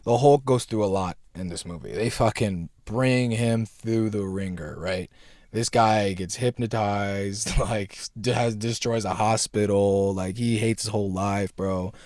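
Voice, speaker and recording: A man's voice: on the low side, fairly even intonation, unhurried, darkish tone, no echo, clean studio sound. A young man hosting a casual commentary video, rambling in slangy talk and often checking in with his listener. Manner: rambling, slangy, keeps asking "right?". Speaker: video essay host.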